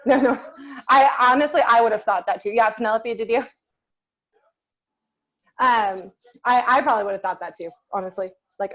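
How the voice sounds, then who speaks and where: A woman's voice: on the high side, moderate pace, long pauses, fairly bright tone. A woman voice teacher leading an online group lesson over a video call, patiently asking the class questions and waiting for answers.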